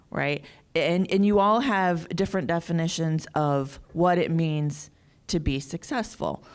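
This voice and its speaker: A middle-aged woman giving a live conference talk as a securities lawyer, telling animated stories with quoted dialogue into a handheld stage mic. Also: low-pitched. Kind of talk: live keynote speech.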